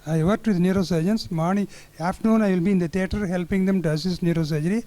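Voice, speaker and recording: An older male neurologist with a Tamil Indian English accent lectures in a storytelling way, repeating key phrases for emphasis. His voice sits high but sounds mellow and dark in tone. He chuckles now and then at his own anecdotes. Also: fast talker, low-quality recording.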